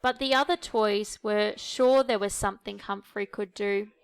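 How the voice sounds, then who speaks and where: A woman reading a children's picture book aloud in a gentle, expressive way. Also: medium pitch, normal speed, clear, resonant tone. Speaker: storyteller.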